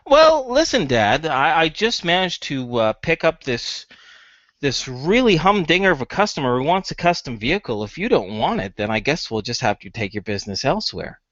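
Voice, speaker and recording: Nervous young schemer, put on by a man: sheepish, pleading, pitched up, slightly muffled. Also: very animated, a bit bright, dry recording. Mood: defensive. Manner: pleading, quick and high-strung.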